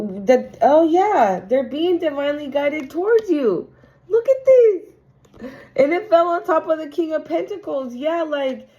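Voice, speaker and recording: Slow, dark-toned woman reading tarot. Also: on the high side. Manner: emphatic, profane, slow and drawn out. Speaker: tarot reader. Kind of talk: casual tarot reading to viewers.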